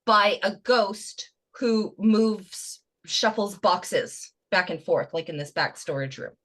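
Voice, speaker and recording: A woman's voice: medium pitch, lively intonation, slow pace, a bit bright. A young woman, guest-hosting a live podcast. She tells stories and runs a trivia game in a playful, chatty way. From Canada. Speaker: guest host.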